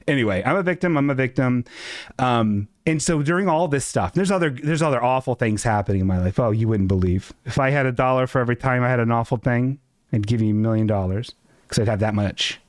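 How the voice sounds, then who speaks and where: A man hosting a live stream from his apartment, ranting in a casual, self-mocking way and jumping into squeaky voices for quotes. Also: quick pace, no room sound. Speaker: streamer host.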